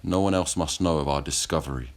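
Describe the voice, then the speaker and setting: A man's voice: a bass voice, fast talker. A man voicing a cruel, brash French naval commodore who barks and sneers. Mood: sinister. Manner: barking, spitting, sneering.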